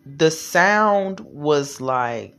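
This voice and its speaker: A vlogger tells a personal story straight to the audience in loose, casual speech. The talk is blunt and full of swearing, winding through fillers and quick check-ins like "okay?" and "right?". Now and then a laugh breaks through the telling. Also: medium pitch, lively intonation, a bit bright, soft background music. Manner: frank, profane, laughs while telling.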